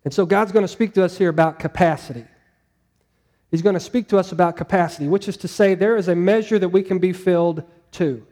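A man's voice: high-pitched, a little fast, mellow, big-room sound. A man preaching a sermon to a congregation in a conversational way, asking them questions as he goes. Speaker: pastor.

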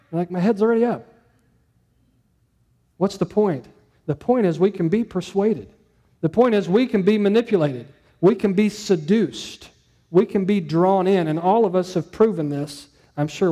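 A man's voice: high-pitched, warm tone. A man preaching a sermon to his church, talking conversationally and asking the room questions. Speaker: pastor.

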